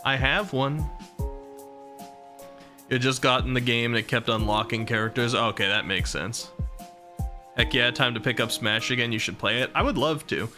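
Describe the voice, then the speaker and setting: A man's voice: medium pitch, normal speed, long pauses, sharp tone, faint music behind. A man in his thirties chatting casually on a live stream, rambling and chuckling between thoughts.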